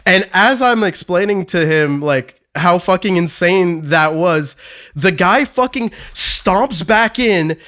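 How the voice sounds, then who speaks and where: A man's voice: high voice, animated, takes it slowly, a bit bright. A man on a podcast telling a rambling, swear-heavy story in casual chat. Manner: profane, rambling anecdote with restarts. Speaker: podcast co-host.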